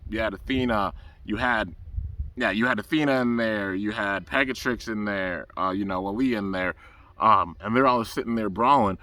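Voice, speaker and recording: Bright-voiced excited male reviewer. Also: medium pitch, no room sound. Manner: rambling, enthusiastic, says "man" a lot. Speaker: anime reviewer. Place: outdoors under trees.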